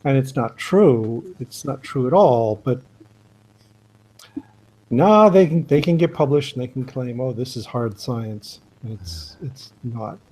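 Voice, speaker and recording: Casting note: man, biologist blogger, mellow warm voice, emphatic and critical, video call. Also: mid-range voice, animated, a little slow, breathy edge.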